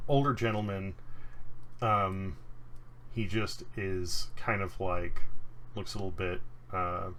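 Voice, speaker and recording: A man's voice: lowish voice, vocal fry, pushed and bright. A man narrating as game master of an online tabletop game, hesitant and full of fillers. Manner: hesitant, many fillers, unhurried.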